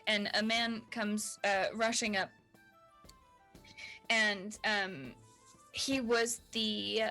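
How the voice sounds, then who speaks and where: A woman's voice: mid-range voice, bright, forceful tone. A woman narrating as dungeon master in a chatty, playful way. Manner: chatty, playful, with many fillers. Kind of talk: narrating a tabletop game.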